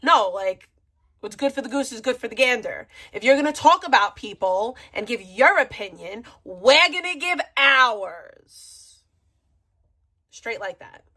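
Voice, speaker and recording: A woman's voice: a little high, lively intonation, measured pace, bright, forceful tone. Sarcastic young woman heckling on stream. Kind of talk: mocking livestream commentary.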